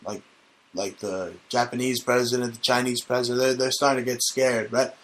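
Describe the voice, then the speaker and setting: A man hosting a comedy show, ranting in a rambling, swear-laden, mock-conspiracy style. His voice sits at an ordinary male pitch. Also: little pitch movement, moderate pace, a bit bright, slight background noise. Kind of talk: satirical comedy rant.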